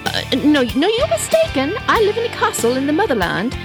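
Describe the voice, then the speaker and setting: A woman's voice: sits high, huge pitch swings, fairly quick, over music, full character voice. A woman putting on a hammy fake British accent as a posh duchess, speaking in an overly proper, stumbling way. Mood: flustered. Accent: put-on British.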